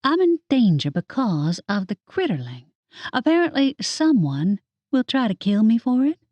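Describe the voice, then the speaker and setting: A woman voicing an earnest, curious young witch heroine in an expressive, natural voice. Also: a little high, normal speed, no room sound, highs cut off, pitched above the performer's own voice.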